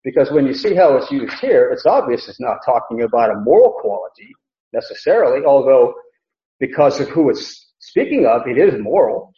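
A man's voice: medium pitch, big pitch swings, moderate pace. A man teaching a verse-by-verse Bible lesson, emphatic, repeating key phrases and often restarting sentences. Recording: echoey room, dull lo-fi sound.

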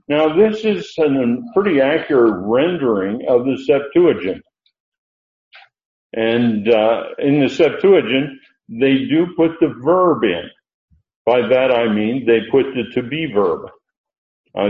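An older man teaching a Bible study as a preacher, unhurried and halting, with many fillers. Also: medium pitch, lively intonation. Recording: roomy, dull lo-fi sound.

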